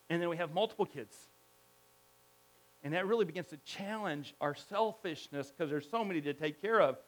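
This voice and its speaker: A middle-aged man with a high-pitched voice preaches to his congregation. He is emphatic and animated, and he circles back on his words, repeating and restarting as he builds each point. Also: fairly quick. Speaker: pastor. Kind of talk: sermon.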